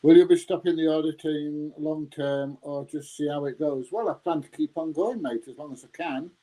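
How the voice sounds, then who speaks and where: A man's voice: on the high side, normal speed, warm tone, poor audio. A man, rambling casually as he answers his viewers' live chat and calling them mate. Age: 60s. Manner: rambling, chatty, laughs often, says mate.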